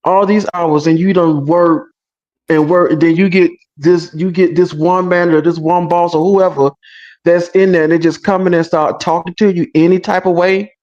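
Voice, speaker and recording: A man's voice: high-pitched, normal speed, dull audio. A male livestream co-host chatting casually and explaining a clip. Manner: relaxed, agreeable, explains the situation. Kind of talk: casual reaction chat.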